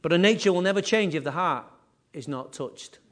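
A man preaching a sermon as pastor, animated and repetitive, with conversational asides. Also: sits high, fairly quick. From England.

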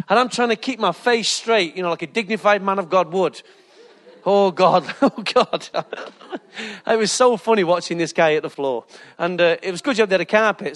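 A man, a pastor preaching a lively sermon full of funny anecdotes and laughter. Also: high voice. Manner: jokey, animated storytelling with laughter.

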